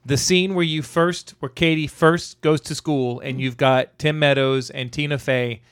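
A man co-hosting a casual movie review chat, animated and swearing freely as he retells scenes. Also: a little high, measured pace, smooth. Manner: animated, swears freely, acts out quoted lines. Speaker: podcast co-host.

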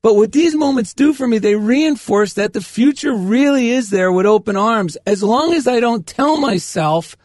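A man co-hosting a spiritual radio talk show, telling stories in an animated, upbeat and earnest way. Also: very high-pitched, normal speed, few pauses, no room sound, studio quality. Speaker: radio co-host. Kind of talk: casual spiritual radio chat. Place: radio studio.

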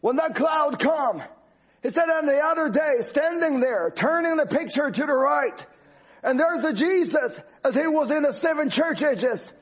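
Preacher, male, very high-pitched, driving repetitive sermon delivery, muffled lo-fi audio. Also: lively intonation, a little slow. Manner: emphatic, repetitive preaching cadence. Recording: dull lo-fi recording.

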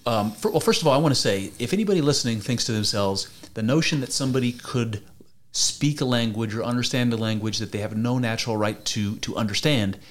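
A man's voice: mid-range voice, a little fast. Frank, storytelling man in casual chat. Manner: frank, blunt, tells stories, swears casually. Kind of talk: casual conversation.

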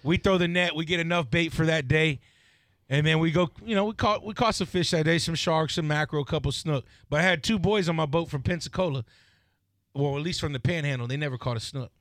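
Male radio host, animated laughing storyteller, dry close mic. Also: on the high side, fast, no room sound. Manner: animated storyteller, laughs often, says bro. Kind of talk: casual radio chat.

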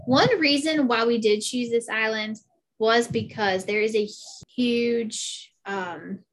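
A woman's voice: on the high side, takes it slowly. A woman from South Carolina with a Southern accent, chatting casually as an interview guest, full of fillers and "like"s.

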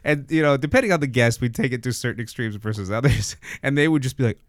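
A man who works as a voice actor, a podcast guest chatting casually and telling lively stories with many restarts. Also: mid-range voice, fast, dry recording, studio quality. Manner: animated storyteller, many restarts and fillers.

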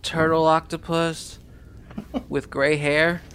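A man's voice: fairly high pitch, little pitch movement, slow pace, a bit bright, a little hiss or hum. A man playing a tabletop role-playing game, chatting casually and in character. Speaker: player.

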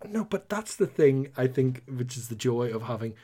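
A young man with a Northern Irish accent, co-hosting a podcast in a chatty, animated way. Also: medium pitch, normal speed, slightly rough. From Northern Ireland. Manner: chatty, animated storytelling with playful put-on voices. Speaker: podcast co-host. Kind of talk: casual chat.

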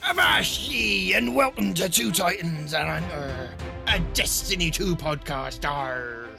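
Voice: mid-range voice, expressive, unhurried, creaky. A podcast host putting on a swaggering pirate captain voice to open the show. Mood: hammy, booming. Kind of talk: scripted show intro. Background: music.

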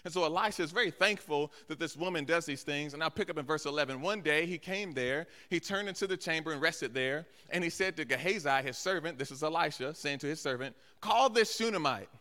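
A man's voice: fairly high pitch, fast talker, few pauses, pushed and bright. A man, a guest pastor, preaching a sermon in a church, acting out little asides and calling out to the congregation. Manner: preaching with acted-out asides and call-outs to the congregation. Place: large church sanctuary. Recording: long hall reverb.

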